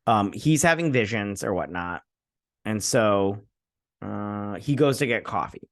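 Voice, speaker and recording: A man's voice: on the low side, expressive, unhurried, no echo, studio quality. A man hosting a casual episode review, recapping scenes in an offhand, rambling way with many fillers and asides. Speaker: host.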